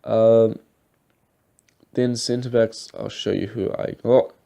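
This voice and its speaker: A man's voice: on the low side, little pitch movement, slow pace, gravelly, mellow. A young man giving rambling, casual commentary over his football game footage, swearing now and then. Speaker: gaming YouTuber.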